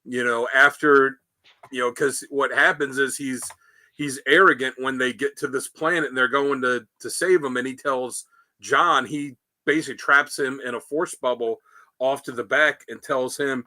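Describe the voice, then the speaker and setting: Guy on a comics podcast, bright voice, rambly storytelling, lots of um and you know. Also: mid-range voice, moderate pace. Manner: rambling, animated retelling with many fillers. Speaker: podcast host. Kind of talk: casual comic book discussion.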